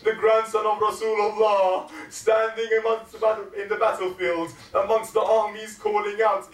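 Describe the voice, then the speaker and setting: Impassioned high-voiced male preacher, echoey hall. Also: fairly even intonation, moderate pace, few pauses, distant mic. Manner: emotional, dramatic storytelling. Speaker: preacher at a mourning gathering. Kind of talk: impassioned sermon narration.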